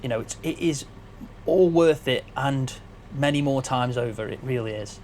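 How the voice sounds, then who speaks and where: A man's voice: medium pitch, moderate pace, a little mellow, slight background noise. A man on a headset mic, casually chatting behind the scenes as a gaming video creator. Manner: chatty, grateful, loose, with restarts.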